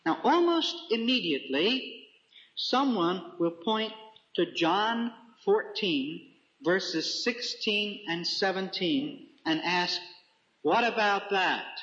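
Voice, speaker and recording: A man preaching a Bible teaching sermon, reading scripture slowly and deliberately with careful emphasis. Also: high-pitched, lively intonation, a bit bright. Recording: echoey room, dull lo-fi sound.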